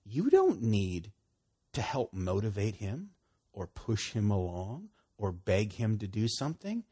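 Husky, lively male preacher. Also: fairly low pitch, unhurried. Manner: animated, acts out voices of prayer and God. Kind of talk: casual sermon.

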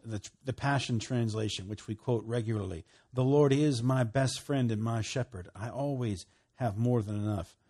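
A man preaching a sermon, emphatic, moving between loud bursts and hushed, quiet lines. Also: mid-range voice, moderate pace, few pauses. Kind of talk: sermon teaching.

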